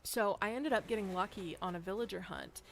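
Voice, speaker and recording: Chatty woman streamer with a gravelly voice. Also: medium pitch, a little fast, faint music behind. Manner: chatty, rambling, laughs often. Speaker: game streamer. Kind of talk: casual chat while playing.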